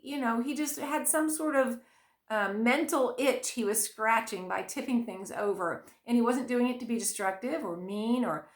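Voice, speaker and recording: Middle-aged woman telling a story, echoey. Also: on the high side. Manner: conversational, many fillers, laughs between phrases. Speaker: podcast host sharing a parenting story. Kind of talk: casual storytelling. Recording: echoey room.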